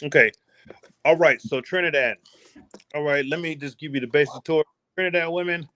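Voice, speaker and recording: An American man, a travel vlogger appearing as a podcast guest, tells stories in a casual interview, sounding boastful, animated and full of slang. His voice sits a little high and he talks briskly.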